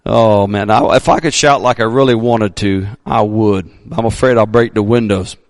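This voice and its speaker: A male pastor preaching a sermon, emphatic, sometimes shouting his readings, joking about himself. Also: lowish voice, fairly even intonation, normal speed, dry recording.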